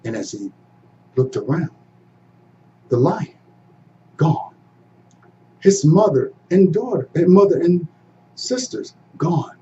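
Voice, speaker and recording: A man telling a folktale as a storyteller, dramatic and expressive, moving between hushed and loud passages. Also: fairly high pitch, slow, long pauses. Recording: dull, slightly distant recording with faint hum.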